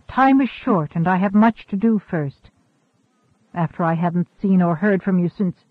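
A man voices an ageless, secretive woman scientist, centuries old, composed and cool, who talks in a calm, measured, quietly firm way. His voice sits high and sounds tinny and narrow, like a phone line, with no room sound and no echo at all.

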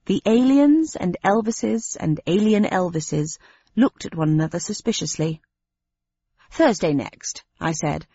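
A woman narrating a story in the first person, wry and steady. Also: sits low, husky, dry recording. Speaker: audiobook narrator. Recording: dry, slightly dull lo-fi sound.

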